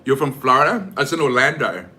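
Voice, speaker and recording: A man's voice: medium pitch, big pitch swings, quick pace, pushed and bright. A man with a New Zealand accent chatting casually and rambling with lots of fillers while he cooks for his vlog. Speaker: vlogger. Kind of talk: casual chat while cooking.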